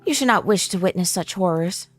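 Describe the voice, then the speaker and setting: A woman's voice: lowish voice, lively intonation, a little fast, faint music behind. Woman playing a grave, determined adventurer. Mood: stern.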